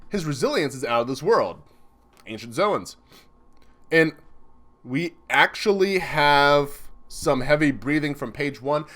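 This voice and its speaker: A young man excitedly commenting live as he reads a comic chapter, chatty and laughing often. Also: a little high. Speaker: streamer reacting to a manga chapter.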